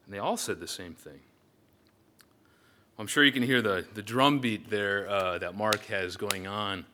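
Bright-voiced man preaching earnestly. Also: fairly low pitch, a little slow. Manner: earnest, reflective, with many restarts. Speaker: pastor. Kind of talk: sermon.

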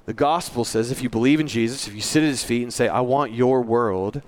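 A man's voice: medium pitch, fast. A male pastor giving a sermon in a church, earnest and conversational, with self-deprecating asides.

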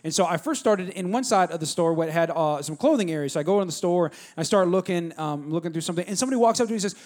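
A man's voice: sits high, lively intonation, very fast, darkish tone. A young man preaching a sermon in a church, telling stories with energy and urging the crowd to answer. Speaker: pastor. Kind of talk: sermon with call-and-response.

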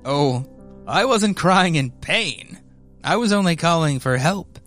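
A man voicing a chained male captive who speaks calmly and slowly, read aloud from a comic. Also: on the high side, soft background music, voice pushed up. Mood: smug. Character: chained male captive, calm and quietly smug.

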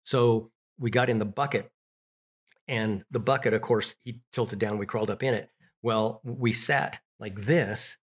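A man's voice: fairly low pitch, steady tone, a little slow, slightly rough. A middle-aged man telling childhood stories in an interview, rambling with restarts and fillers. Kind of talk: casual storytelling.

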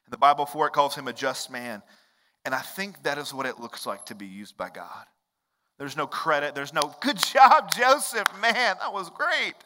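A man preaches in a church sanctuary, his bright, forceful voice carrying a long hall reverb. He talks earnestly and conversationally and leans on personal stories. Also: a little high. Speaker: pastor. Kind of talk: sermon.

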